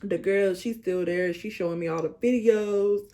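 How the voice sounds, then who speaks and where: Young woman, storytime vlog, casual, animated, slangy, fry in the voice. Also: medium pitch, moderate pace. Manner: animated, slangy, laughing retelling. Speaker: vlogger.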